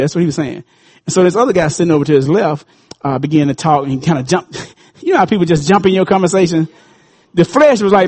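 A pastor in his fifties preaching a sermon, swinging between loud, high calls and low, quiet asides. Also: expressive, quick pace. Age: 50s.

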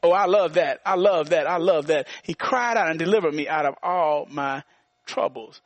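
A man's voice: a little high, normal speed, no echo. A man of around sixty preaching a sermon, repeating lines for emphasis and inviting the congregation to answer back. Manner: repetitive call-and-response preaching with frequent laughs. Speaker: pastor.

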